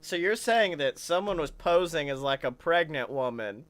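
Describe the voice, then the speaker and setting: A man co-hosting a casual podcast chat, joking and energetic with quick asides, a little tired. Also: a little high. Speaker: podcast co-host.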